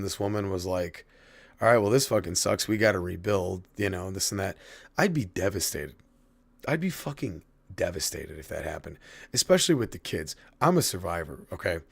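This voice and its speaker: A man's voice: sits low, vocal fry, no echo. A man streaming a video game, chatting casually with viewers, profane and rambling but heartfelt. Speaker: gaming streamer. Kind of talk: casual stream chat while gaming.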